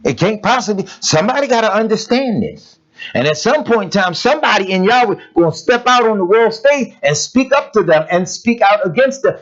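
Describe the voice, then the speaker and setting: A man's voice: high-pitched, expressive, fairly quick, fairly bright tone. A man preaching a sermon, driving his points home with blunt, emphatic rhetorical questions and casual, plain-spoken phrasing. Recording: dull lo-fi recording.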